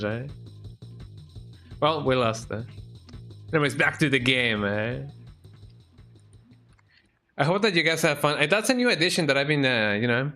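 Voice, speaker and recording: A man chats while he streams a video game, with a casual, rambling flow that keeps ending on "eh?". His voice sits in an ordinary middle pitch. Soft game music plays faintly underneath. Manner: relaxed, rambling, tags lines with "eh?". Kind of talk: casual live-stream chat while gaming.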